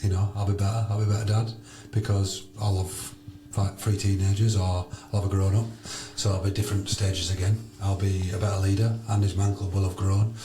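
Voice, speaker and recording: A man, a podcast guest telling stories loudly and bluntly, swearing freely. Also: deep voice, level tone, a little fast, few pauses. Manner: loud, blunt, emphatic. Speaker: podcast guest, charity founder. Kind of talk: animated storytelling with swearing. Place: sauna. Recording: roomy echo.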